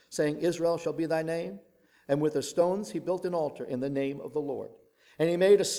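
A man's voice: a little high, mellow. A man preaching a sermon, reading a long scripture passage with dramatic delivery, voicing the quoted speakers and adding his own asides.

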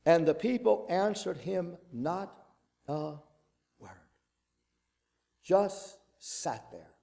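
Male preacher, sermon, dramatic scripture reading, voices the quoted speakers, adds asides, slightly high voice. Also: animated, slow pace, creaky, darkish tone.

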